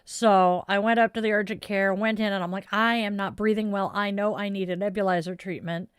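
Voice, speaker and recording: A woman's voice: medium pitch, steady tone, brisk, clean tone, no echo, clean studio sound. A woman chatting casually with viewers on a stream, rambling and self-deprecating with frequent sighs. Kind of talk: casual live-stream chat.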